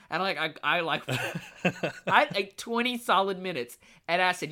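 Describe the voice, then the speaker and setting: Bright-voiced man telling a story. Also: on the high side, brisk. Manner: animated storytelling, acts out voices. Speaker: podcast co-host. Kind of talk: casual chat.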